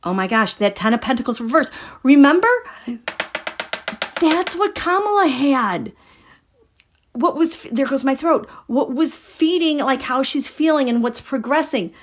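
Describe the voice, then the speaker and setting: A woman's voice: high-pitched, expressive, moderate pace. A woman giving a casual tarot reading to her viewers, musing and dramatic as she talks through the cards. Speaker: tarot reader.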